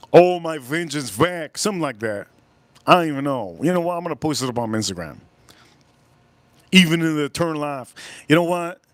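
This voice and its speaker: A man's voice: mid-range voice, dry recording. A man hosting a livestream, ranting bluntly in casual chat, swearing freely and rambling between thoughts. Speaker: livestream host.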